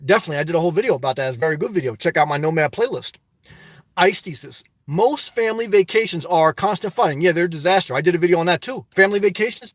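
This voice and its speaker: A man with a New Jersey accent hosting a casual livestream, answering chat with animated rhetorical questions that swing from loud to soft. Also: high-pitched, dry recording. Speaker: livestream host reading chat. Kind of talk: casual live chat monologue.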